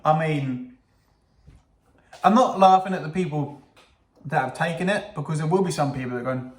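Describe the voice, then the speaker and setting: A man's voice: on the high side, moderate pace, long pauses. A man casually reacting to news clips, sarcastic, swearing and laughing at his own jokes. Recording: echoey room.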